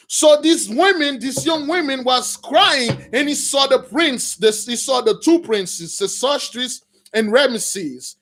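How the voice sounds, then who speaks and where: A man's voice: very high voice, lively intonation, unhurried, a bit bright. A man delivering a sermon, reading a passage aloud and then retelling it in his own words, calling his listeners brothers. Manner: addresses listeners as brothers, restarts, repeats, informal asides. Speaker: preacher. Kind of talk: sermon reading a text with commentary.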